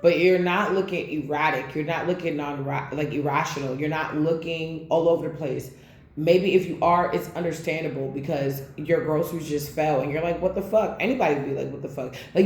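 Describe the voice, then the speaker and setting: A woman's voice: sits low, a little mellow. A woman giving a casual tarot reading, calling out cards and talking bluntly, with frequent swearing. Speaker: tarot reader. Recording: roomy echo with faint background noise.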